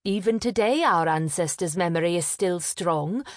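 Proud eldest sister put on by a woman, sharp, impatient, lifted pitch, dry close sound. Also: normal speed, no echo, natural voice. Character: eldest sister, proud vain young girl.

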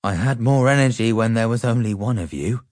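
A man reads as a laid-back dad, unhurried and a little lower than the narration. He sounds tired but good-humoured. The voice is close and dry. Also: sing-song, darkish tone, no echo. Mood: easygoing. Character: weary cheerful British dad, middle-aged.

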